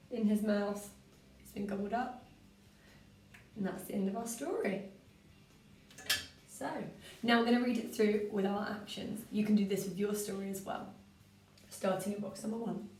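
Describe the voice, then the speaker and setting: A woman teaching children how to build a story, speaking clearly and patiently at a mid-range pitch. Her voice carries a roomy echo. She sounds a little away from the microphone. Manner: clear and patient, with lively expressive reading. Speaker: primary school teacher. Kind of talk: story-writing lesson for children. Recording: roomy, from a distance.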